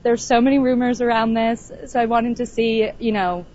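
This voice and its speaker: Woman fan vox pop, casual and curious, kinda high voice, dull street sound. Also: level tone, moderate pace, a little mellow. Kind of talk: street interview.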